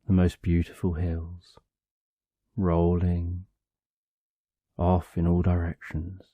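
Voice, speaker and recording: A man narrating a bedtime story for sleep, calm and drawn out, in short phrases with long pauses. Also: low voice, husky, no room sound, phone-quality sound.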